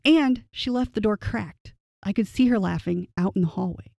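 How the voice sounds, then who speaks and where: A young adult telling a personal story to camera in an earnest, indignant way, the voice climbing high whenever the telling turns upset. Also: normal speed, vocal fry, darkish tone, no room sound, highs cut off. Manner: earnest and indignant, pitch rising sharply when upset. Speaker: storyteller recounting a personal experience. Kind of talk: emotional first-person storytelling.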